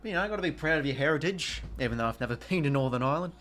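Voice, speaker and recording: A man's voice: on the high side, lively intonation, rapid-fire, hardly any pauses, a bit bright, a little hiss or hum. An Australian man in his young adult years calls a football match live for a watch-along stream. He talks in a chatty, rambling way, breaking off into joking asides to his viewers before getting back to the play. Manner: chatty, rambling, self-deprecating asides to chat. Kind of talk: casual live game commentary.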